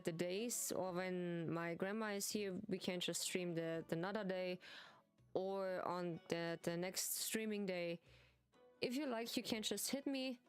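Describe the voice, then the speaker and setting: A woman with a German accent streaming a video game, chatting casually in halting non-native English, giggling often. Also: mid-range voice. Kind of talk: casual gaming stream chat.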